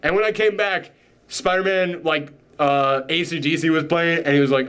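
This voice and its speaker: A man casually recapping a film scene by scene, rambling with enthusiasm and acting out bits in quick voices. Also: fairly high pitch, steady tone, fairly bright tone, clean tone. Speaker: podcast host. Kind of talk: casual movie reaction chat.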